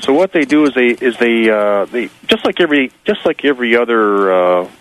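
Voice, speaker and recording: A man's voice: medium pitch, animated, a little fast, rough recording. A man speaking as a guest on a talk radio show, rambling with many fillers and a sarcastic edge. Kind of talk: rambling on-air commentary.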